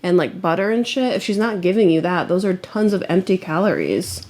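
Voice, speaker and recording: A woman's voice: on the low side, very animated, fairly quick, darkish tone. Chatty young woman co-hosting a podcast. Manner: chatty, candid, swears casually. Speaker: podcast co-host. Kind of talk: casual chat, reading stories aloud.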